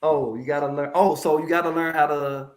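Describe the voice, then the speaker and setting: Animated man telling stories, a bit high. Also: brisk. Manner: animated, colloquial, preachy asides to the audience. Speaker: guest, mental health professional. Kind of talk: casual storytelling interview.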